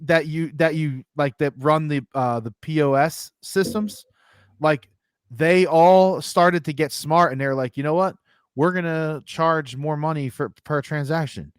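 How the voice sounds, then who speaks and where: A man speaks in an easygoing, chatty way, chiming in and explaining. His voice sits a little high. The sound is dry and close to the mic. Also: measured pace, smooth, dry recording. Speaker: podcast co-host. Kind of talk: casual chat.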